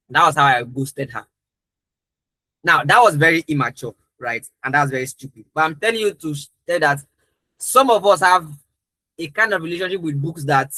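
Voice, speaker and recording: A young man with a somewhat high, bright, forceful voice leads a live training session. He talks earnestly and emphatically, leaning into his points. The sound is dry and close. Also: no room sound, rough recording.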